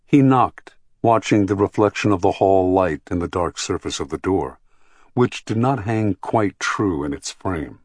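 A man narrating an audiobook in a measured, even storytelling manner, close to the mic. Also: sits low, breathy edge, no room sound.

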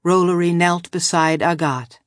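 A woman reading a novel aloud in a measured, even storytelling voice. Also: fairly low pitch, dry recording, clean studio sound. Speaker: audiobook narrator. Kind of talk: scripted narration of a novel.

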